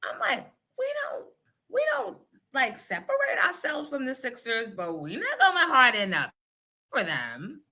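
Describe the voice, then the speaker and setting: A middle-aged woman with a New York accent, hosting a live stream and telling stories in a loud, playful, swearing chat with viewers. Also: sits high, huge pitch swings, a little slow, slightly rough.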